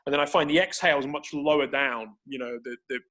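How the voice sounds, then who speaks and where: Over a video call, a man explains breathing techniques for grappling, thinking out loud and often starting over. His mid-range voice is slightly bright, and he talks fast.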